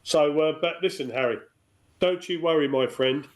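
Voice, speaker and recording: A man's voice: a little high, moderate pace. Easygoing middle-aged man. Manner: relaxed, easygoing. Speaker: pundit. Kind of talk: casual chat.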